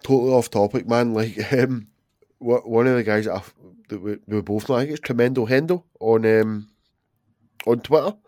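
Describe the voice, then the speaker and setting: A man in his thirties, bantering on a podcast with plenty of swearing and laughs. His voice is mid-pitched and recorded dry and close, with no room echo. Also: normal speed, warm tone. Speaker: podcast co-host. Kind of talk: casual chat.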